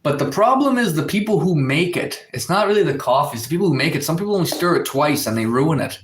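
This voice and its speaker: A man's voice: a little high, expressive, fast, echoey room, a little hiss or hum. Rambling man livestreaming from home. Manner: rambling, filler-heavy storytelling, reads chat aloud. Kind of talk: casual livestream chat. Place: indoors at home, in a room with a window. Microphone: phone.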